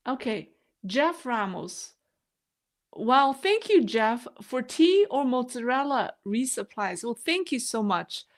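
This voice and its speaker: A woman, a non-native English speaker, hosting a casual live stream, chatty and quick to laugh at herself. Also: on the high side. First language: not English. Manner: chatty, laughs often, self-deprecating.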